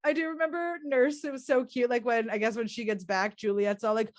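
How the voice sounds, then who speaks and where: A woman in her thirties co-hosting a casual podcast chat, chatty and quick to laugh along. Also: on the high side, steady tone, dry recording, clean studio sound. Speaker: podcast co-host.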